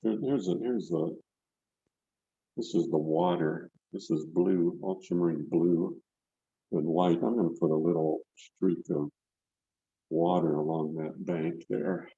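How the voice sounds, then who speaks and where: A little slow and steady in tone, this older man teaches a painting demo online from an indoor studio, rambling and saying words again as he works. His low voice is warm with a breathy edge. Via the video call mic, the audio is dull and has no room sound.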